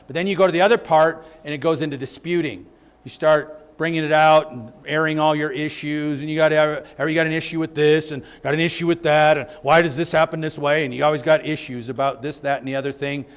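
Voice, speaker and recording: A man teaching a Bible study in a church, emphatic and repeating his key phrases. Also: a little high.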